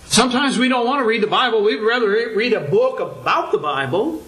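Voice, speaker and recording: A man's voice: extremely high pitch, animated, brisk, a bit bright, low-quality recording. An older man preaching a sermon to his congregation, earnest and full of rhetorical questions, his voice climbing for emphasis.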